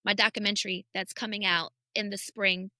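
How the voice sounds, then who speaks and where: A woman's voice: medium pitch, little pitch movement, fairly quick, bright, forceful tone, no room sound. A woman speaking as a podcast guest, giving a candid personal testimony about building a church, earnest and repeating phrases for emphasis.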